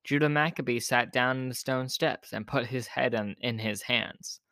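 A man reading a children's picture book aloud in a gentle, expressive way. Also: medium pitch, moderate pace, no echo, studio quality. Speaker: storyteller.

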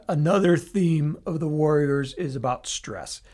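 Solo podcast host, mid-pitched, chatty and explanatory, often restarting sentences. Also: slow pace, darkish tone. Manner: explanatory, loose, with restarts and asides. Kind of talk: casual solo podcast analysis.

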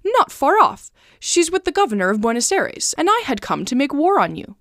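Naive young hero voiced by a woman, earnest, lively high pitch, dry close sound. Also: normal speed, no room sound, exaggerated voice. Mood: amazed. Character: naive young German man, wide-eyed. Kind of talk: storybook reading.

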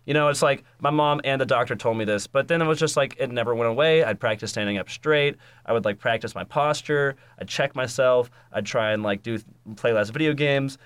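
A man's voice: medium pitch, brisk, hardly any pauses, a bit bright, smooth. A young man, a podcast guest, telling a story in casual chat, swearing freely and acting out what people said. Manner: swearing storyteller, acts out quotes.

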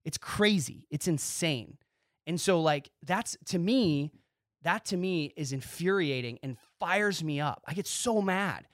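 A man hosting his own podcast, talking excitedly in a casual monologue and acting out quick bits of dialogue. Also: fairly high pitch, no echo, studio quality. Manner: excitable, animated, talks with his hands in quoted dialogue. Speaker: podcast host.

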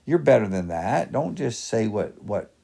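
Gravelly, low-voiced man giving earnest advice. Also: big pitch swings, a little slow, mellow. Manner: earnest, practical advice in numbered points. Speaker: podcast host and pastor. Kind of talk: devotional podcast talk.

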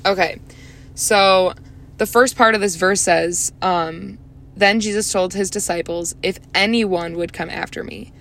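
A woman's voice: mid-range voice, fairly even intonation, unhurried, fairly bright tone. A young woman hosting a solo faith podcast, talking in a chatty, earnest way with many fillers. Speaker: podcast host.

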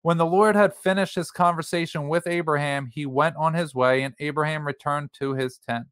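A man reading a Bible passage aloud at a steady pace and adding brief remarks, as in a small Bible study discussion. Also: on the high side, normal speed, smooth, dry recording, studio quality.

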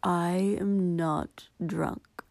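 Calm young man, slow and deadpan, slightly drunk, voiced by a woman narrator. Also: fairly low pitch, gravelly, dry recording, full character voice. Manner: slow, flat, matter-of-fact. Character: calm matter-of-fact young man, tipsy.

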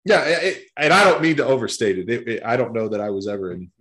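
A man's voice: medium pitch, fast talker, fairly bright tone. Rambling man telling stories, Texas-born. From Texas, USA. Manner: rambling, repeats words and restarts often. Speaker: guest. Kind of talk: casual storytelling interview.

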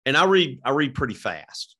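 A middle-aged man hosting a casual interview, talking haltingly with many restarts and "you know"s. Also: mid-range voice, big pitch swings, bright, forceful tone. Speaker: podcast host.

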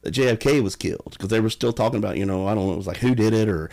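A man casually telling stories, animated and often laughing. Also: lowish voice, rapid-fire, vocal fry. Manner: animated, laughing, drawling storyteller. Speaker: podcast guest. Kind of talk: casual storytelling.

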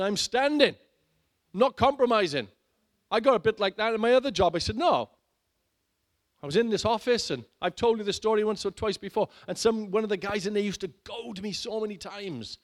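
A middle-aged man preaching a sermon, dramatic and shifting between loud urging and hushed low lines. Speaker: pastor.

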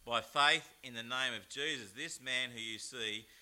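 A man with an Australian accent, preaching a chatty, animated sermon with plenty of rhetorical asides. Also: medium pitch, a little slow. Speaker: pastor. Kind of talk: lively sermon.

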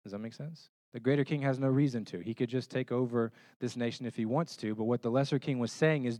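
A man preaching a sermon in a relaxed, conversational way, his voice sitting at an ordinary middle pitch. He livens up his teaching with homey stories and often checks in with the room through rhetorical questions. The recording is dry, with almost no room sound. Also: fast, hardly any pauses, no echo. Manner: animated storytelling with homey illustrations. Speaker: pastor.

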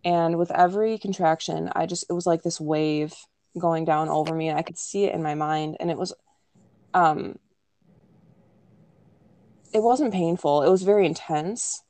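A young woman co-hosting a podcast tells her birth story in a chatty, casual way, packed with "like" and "um" and occasionally acting out what people said. Her voice sits low with a steady, darkish tone, normal speed, and frequent pauses.

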